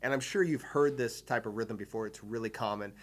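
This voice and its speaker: A man's voice: medium pitch, brisk. Upbeat man teaching drums. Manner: enthusiastic, explains step by step, counts beats aloud. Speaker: drum teacher. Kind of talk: instructional video lesson.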